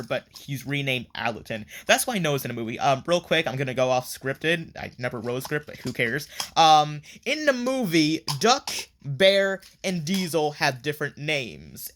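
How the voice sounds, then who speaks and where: A man's voice: a little high, a bit bright. A man casually recapping a story in a rambling review, with many fillers and offhand swearing.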